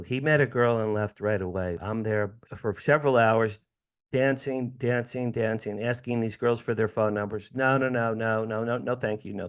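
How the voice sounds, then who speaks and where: A man in his sixties from the United States, an interview guest telling a personal story with lively acted-out dialogue and frequent laughs. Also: mid-range voice. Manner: animated storyteller, acts out dialogue, laughs often.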